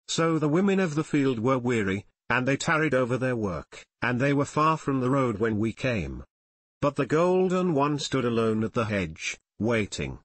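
A man narrating an audiobook in a measured, solemn reading voice. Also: mid-range voice, breathy edge, no echo. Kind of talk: scripted narration.

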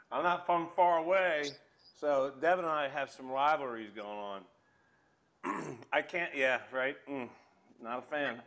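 A man's voice: medium pitch, fairly bright tone. A man hosting an interview show, chatting casually and enthusiastically, often restarting his sentences. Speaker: podcast host.

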